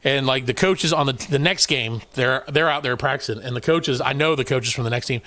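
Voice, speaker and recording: A man's voice: medium pitch, a little fast, sharp tone. A middle-aged man co-hosting a casual podcast, telling a story about coaching youth basketball, acting out the dialogue and swearing freely.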